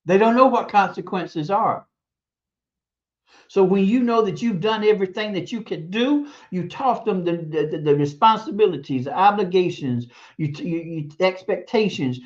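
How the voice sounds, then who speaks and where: Expressive and moderately paced, a teacher hosting a stream preaches casually about parenting in a middle-range voice. Repetition adds stress, and chuckles pop up now and then. The audio is muffled like a lo-fi stream.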